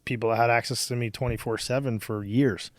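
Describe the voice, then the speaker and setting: A man's voice: medium pitch, fairly even intonation, a little fast, dry recording. A man in his thirties hosting a podcast, telling stories in a rambling, profane, casual way full of fillers. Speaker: podcast host.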